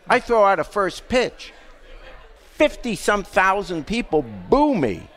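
A man's voice: sits high, very animated, takes it slowly, fairly bright tone. An older man from England, hosting a podcast and telling a story in casual chat, with dry jokes. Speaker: podcast host.

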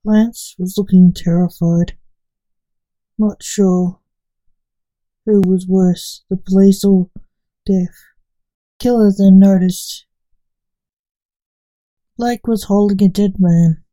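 A woman reading a story aloud in a steady, even storybook narration. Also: medium pitch, takes it slowly, pauses often, rough recording.

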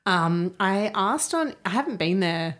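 Woman podcast co-host, mid pitch, chatty and giggly travel stories. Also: animated, measured pace, fairly bright tone. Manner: chatty, giggly, rambling storyteller. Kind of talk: casual chat.

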